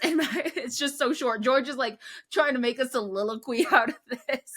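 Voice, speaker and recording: A young woman co-hosting a casual racing recap, expressive and animated as she talks. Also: a little high, brisk, few pauses. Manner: expressive, animated, mimics voices. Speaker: podcast co-host. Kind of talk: casual sports recap chat.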